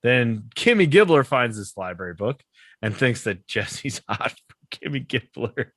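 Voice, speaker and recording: A man co-hosting a podcast retells a sitcom plot in casual chat, laughing a lot and performing the characters' lines. Recorded dry on a podcast microphone, his mid-range, slightly bright voice is very animated at a measured pace.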